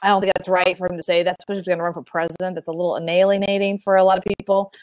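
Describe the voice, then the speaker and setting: A woman from Texas on a casual political panel, outspoken and animated, cutting in to argue her point. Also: lowish voice, very fast, no echo, poor audio.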